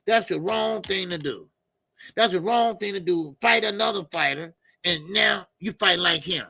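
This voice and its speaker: A man's voice: high-pitched, moderate pace, creaky, bright, forceful tone, no echo. A man hosting a casual boxing live stream, rambling loosely, repeating himself and answering the chat. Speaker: boxing channel host.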